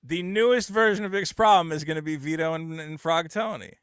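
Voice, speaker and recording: A man's voice: fairly high pitch, brisk, a bit bright, clean tone, dry recording, studio quality. A man hosting a podcast in casual, blunt, profane chat, often mocking others in exaggerated voices. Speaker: podcast host.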